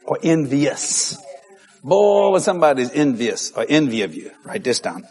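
A man's voice: on the high side, sing-song, moderate pace, darkish tone, husky. A man with a Cajun accent, preaching humorously through childhood stories and laughing as he tells them.

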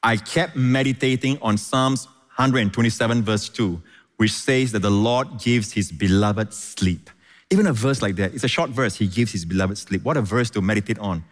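A man's voice: lowish voice, normal speed, big-room sound. A man preaching a sermon, often restarting and repeating words, punctuated with frequent amens. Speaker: pastor.

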